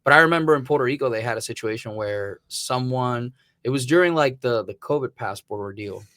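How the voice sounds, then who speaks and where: This Missouri man hosts a podcast and tells rambling stories in casual conversation, cursing without restraint. His medium-pitched voice is bright and forceful, a little fast, and the recording is dry.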